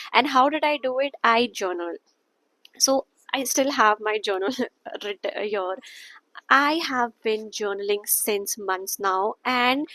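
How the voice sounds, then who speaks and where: A woman's voice: on the high side, a bit bright, low-quality recording. Earnest young woman with an Indian accent. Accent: Indian English. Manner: earnest and repetitive, slips into Hindi phrases. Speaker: wellness vlogger. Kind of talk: casual talk to camera.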